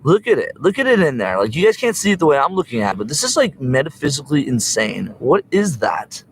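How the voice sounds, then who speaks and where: A man's voice: mid-range voice, very animated, fast talker, slight background noise, poor audio. A young man ranting profanely into a laptop webcam during a rambling livestream, agitated and cursing. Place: indoors at a laptop. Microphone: laptop webcam mic.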